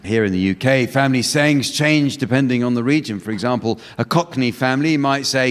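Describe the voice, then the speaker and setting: A man hosting a comedy panel game on stage before a live audience, dry and deadpan. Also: mid-range voice, a little fast, few pauses. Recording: reverberant hall, loud noise.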